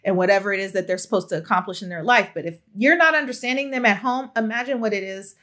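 A woman's voice: medium pitch, fast talker. A woman giving child-speech advice to parents in a solo monologue, talking emphatically and affectionately straight to her listeners. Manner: expressive, emphatic, affectionate direct address.

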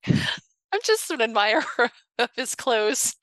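Woman, podcast co-host, lively pitch, laughs often, dry recording. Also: takes it slowly, dry recording. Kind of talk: casual chat.

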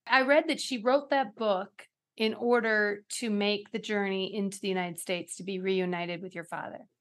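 A woman's voice: medium pitch, steady tone, normal speed. A woman interview host asking a guest questions in a casual, encouraging way.

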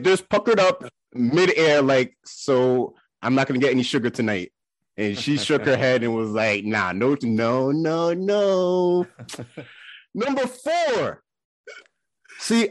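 A man with a fairly high voice tells embarrassing stories on a podcast with friends. He is loose, chatty and animated, and laughs and jumps into little voices as he goes. The sound is close and dry. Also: no echo. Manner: animated, laughing storyteller who acts out quotes. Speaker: podcast co-host. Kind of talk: casual podcast storytelling.

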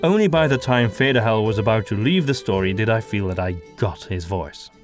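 Man explaining with lively pitch. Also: fairly quick, faint music behind. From Belgium (Antwerp). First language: Flemish. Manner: explanatory, lightly humorous. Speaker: audio drama creator and voice actor. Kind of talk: behind-the-scenes commentary.

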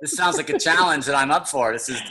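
A man's voice: on the high side, quick pace, bright, forceful tone, slightly rough. A man hosting a podcast interview, joking and bantering playfully with his guest. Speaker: podcast host. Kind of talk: casual interview chat.

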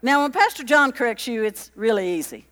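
A woman preaching a lively, conversational sermon, chatty and joking with the congregation as she acts out little quotes. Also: a little high, fairly quick, in a large hall.

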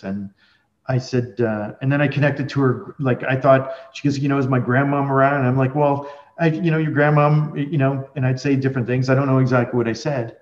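A man talks through a long personal story as a podcast guest. He rambles and restarts as he goes, and his voice sits at a middle pitch. The sound is roomy and a little dull. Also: brisk. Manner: rambling, with many restarts and fillers. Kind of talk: conversational storytelling.

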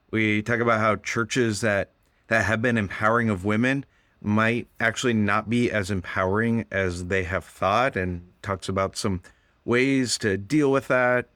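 A middle-aged man hosting a podcast in a relaxed, joking way, teasing his guest and poking fun at himself. His voice sits on the lower side, recorded dry and close with almost no room sound. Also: no room sound. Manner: chatty, joking, self-deprecating. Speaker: podcast host. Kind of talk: casual podcast conversation. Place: in-person home recording setup.

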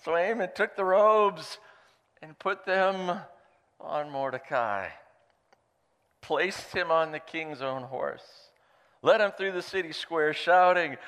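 A man's voice: fairly high pitch, unhurried, smooth, long reverb tail. A man preaching, reading scripture aloud and adding playful, joking asides. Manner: playful, animated storyteller who jokes aside. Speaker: pastor.

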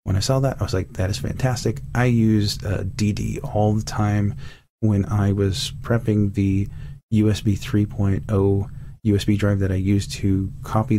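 A man's voice: on the low side, dark tone. A man casually walking through the programs on his computer, enthusiastic and rambling, with frequent fillers and restarts. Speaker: video reviewer. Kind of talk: casual software walkthrough.

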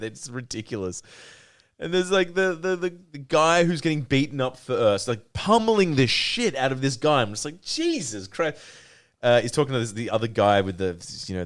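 Guy on a podcast, super lively pitch, swears a lot, does little voices for every scene. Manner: animated, acts out scenes in put-on voices; swears freely. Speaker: podcast co-host. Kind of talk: casual chat.

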